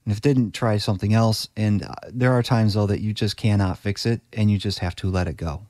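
A man who works as a podcast editor, explaining his craft as a guest in a relaxed conversational interview and often restarting his sentences. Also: lowish voice, fairly quick, no room sound, clean studio sound. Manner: practical, explanatory, with frequent restarts.

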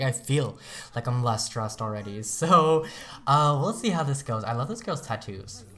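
A young man hosting a let's play chats casually about his gameplay in a mid-range voice, rambling along and often laughing at himself.

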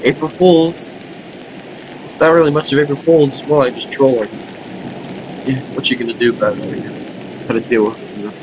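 A man's voice: medium pitch, steady tone, a little fast, pauses often, background noise. A man giving casual, self-mocking let's-play commentary on a game, talking to viewers and laughing often. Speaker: gaming YouTuber.

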